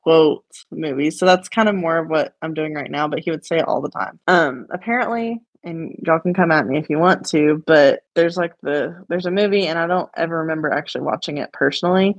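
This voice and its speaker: A young woman chats casually as a podcast co-host, slightly low in pitch. She mumbles and fills her talk with "like" and laughter. The sound is dry and close. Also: brisk, hardly any pauses, dry recording. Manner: mumbling, lots of fillers and laughs. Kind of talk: casual chat. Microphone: remote voice call.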